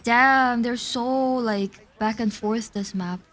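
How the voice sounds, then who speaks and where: A woman hosting an esports watch party, switching between loud cheering and quick match analysis. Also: on the high side, steady tone. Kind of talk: excited esports co-watching chat.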